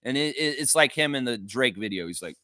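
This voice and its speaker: A man's voice: mid-range voice, lively intonation, a little fast, sharp tone, no echo. Guy ranting on his live fan stream, chatty and opinionated, dry close mic. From United States and Canada. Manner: casual, opinionated, reads viewer chat aloud. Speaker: fan show host.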